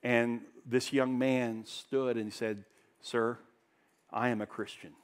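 A man preaching to his congregation, his medium-pitched voice climbing to loud, emphatic peaks. He then drops into hushed, low passages to drive his points home. It sounds like a live church sermon. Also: fairly even intonation, slow pace. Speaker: pastor.

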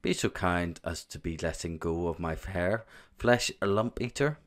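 A gentle, good-natured male giant answers calmly and politely, tangling his words as he goes, voiced by a man reading the story. The voice is deep and unhurried. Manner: polite, calm, muddled words.

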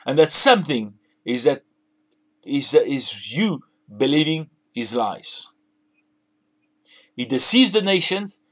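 A man's voice: medium pitch, big pitch swings, takes it slowly, long pauses, a bit bright. A man preaching a sermon, emphatic, repeating and restarting phrases as he builds his points.

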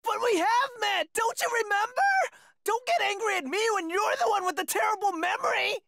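Woman doing a cowardly teen boy swordsman, very high, shrieking, lively, dry sound. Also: a little fast, gravelly, no echo, heavily acted. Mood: panicked. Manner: shrieking, panicky, melodramatic.

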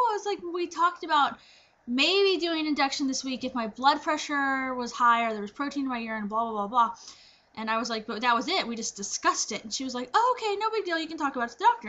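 A young pregnant woman chatting casually to her viewers, animated and full of fillers as she acts out her own reactions. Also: high-pitched, highs cut off. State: heavily pregnant. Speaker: pregnancy vlogger. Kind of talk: casual chat to camera.

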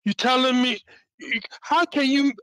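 A male caller with a high voice speaks with emphatic indignation. The sound is dry and close. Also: measured pace, fairly bright tone, smooth, no echo, low-quality recording.

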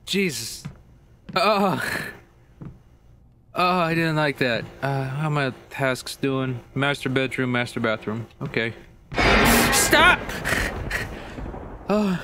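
Here a gaming video creator's mid-range voice comes out pushed and bright as he gives nervous, profanity-filled commentary on a horror game to his viewers. He's jumpy throughout, and there's slight background noise.

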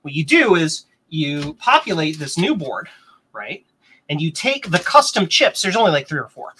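Chatty, excitable man with a bright voice. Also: moderate pace, slight background noise. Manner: rambling, chatty, reads viewer comments aloud; excitable, bursts into higher pitch. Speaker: host of a vintage computer stream. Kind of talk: casual live-stream chat.

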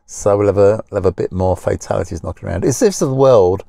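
A man's voice: on the low side, quick pace, gravelly, dark tone, no echo, studio quality. A man, talking casually from inside a parked car, rambling and grumbling in a blunt, plain-spoken way. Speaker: vlogger. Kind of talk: casual talking-head rant.

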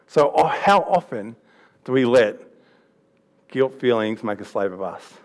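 A man's voice: medium pitch, animated, unhurried, long pauses, darkish tone. A man giving a youth sermon, chatty, laughing and restarting as he tells stories. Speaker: youth pastor. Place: church hall.

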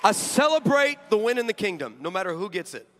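A young male preacher tells a story from the pulpit, his voice unusually high for a man. His tone is sharp and bright, and he throws himself into it, jumping from shouted lines to quiet, hushed asides. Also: very animated, fast, some chatter behind, slight background noise. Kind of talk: sermon. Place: large hall with live audience.

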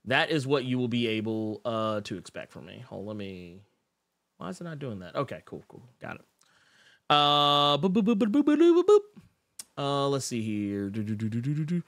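A man's voice: fairly low pitch, lively intonation, moderate pace, vocal fry, pushed and bright, no room sound. A man hosting a casual livestream, reading chat messages in a rambling, self-interrupting and emotional way. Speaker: podcast host reading live chat.

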